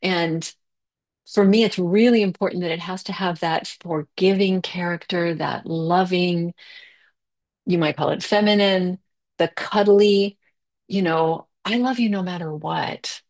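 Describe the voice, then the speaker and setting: A middle-aged woman with a slightly low voice tells her recovery story candidly. She talks casually, full of fillers, and speeds up and slows down as she goes. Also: steady tone, darkish tone. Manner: candid, conversational, many fillers, quick bursts and slow stretches. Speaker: recovery meeting speaker. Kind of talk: personal recovery share.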